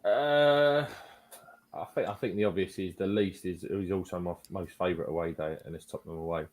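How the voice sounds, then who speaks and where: A man with a very deep voice chats as a guest on a casual fan podcast. His talk is easygoing and rambling. He leans on filler phrases as he goes. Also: brisk, darkish tone. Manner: easygoing, rambling, peppered with "to be fair" and "you know". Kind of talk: casual chat.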